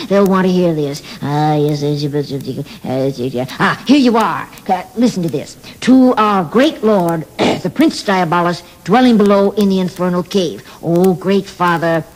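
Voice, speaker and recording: A man's voice: high voice, normal speed, hardly any pauses, lightly acted, poor audio. A man voicing a sly, gloating male demon lord who drawls and purrs. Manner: drawling, purring, hesitant.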